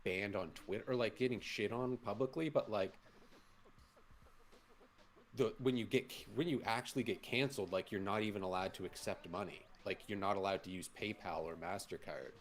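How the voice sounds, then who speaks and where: Brief: man, lowish voice, casual stream co-host, rambling and restarting. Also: moderate pace.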